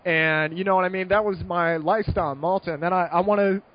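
A young American man telling a long story in a casual podcast chat, rambling and animated, with many fillers and restarts. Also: high voice, fast, dull audio. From United States. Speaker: guest.

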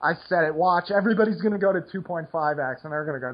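A man's voice: a little high, lively intonation, racing, dull audio. A man hosting a poker podcast, rambling casually with lots of "like" and restarts. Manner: rambling, heavy use of "like" and restarts.

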